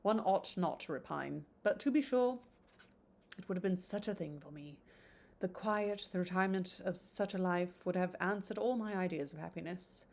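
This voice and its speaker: A woman reading a charming, smooth-talking young man's lines in a storybook reading, with halting stumbles. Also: lowish voice, a little mellow. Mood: wistful.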